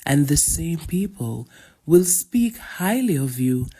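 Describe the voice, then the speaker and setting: A Jamaican woman explains the meaning of a proverb in a deliberate way. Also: low-pitched, big pitch swings, mellow, slightly rough.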